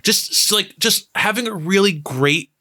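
Bright-voiced rambling male podcast host. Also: high-pitched, unhurried. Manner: rambling with many fillers, laughs and swears. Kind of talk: casual podcast chat about a film.

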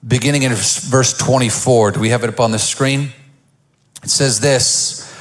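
A man's voice: mid-range voice, steady tone, moderate pace. A middle-aged man preaching a sermon as pastor in a church, joking and telling stories before building to fervent preaching. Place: church stage.

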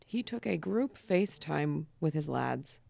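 A woman comedian, a podcast guest, telling crude stories in a deadpan manner. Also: low voice, a little slow, gravelly. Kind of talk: casual chat.

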